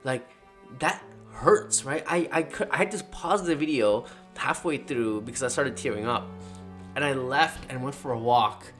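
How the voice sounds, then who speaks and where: A man telling a personal freelancing story in a casual, animated vlog style, slangy and dramatic in the retelling. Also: medium pitch, unhurried, faint music behind. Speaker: freelance marketing creator.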